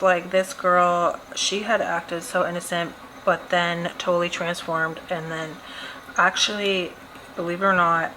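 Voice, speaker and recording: A woman's voice: fairly low pitch, background noise. A young woman chatting casually while doing her makeup, telling a story with lots of giggles and quoted voices. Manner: chatty, giggly, animated retelling. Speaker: beauty vlogger.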